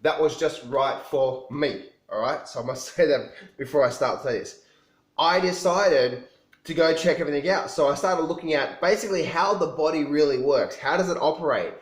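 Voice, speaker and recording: A man's voice: fairly high pitch, normal speed. A man telling his own story to camera in a casual, rambling way, often restarting and repeating himself. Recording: echoey room.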